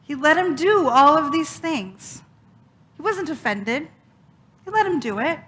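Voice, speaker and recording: A woman minister giving a sermon, retelling a story dramatically with expressive, emphatic repetition. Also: sits high, unhurried, slight background noise.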